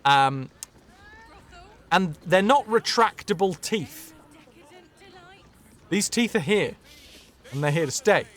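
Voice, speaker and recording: A man's voice: high-pitched, lively intonation, slow pace, long pauses, a bit bright. Chatty rambling male game streamer. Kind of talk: casual live commentary.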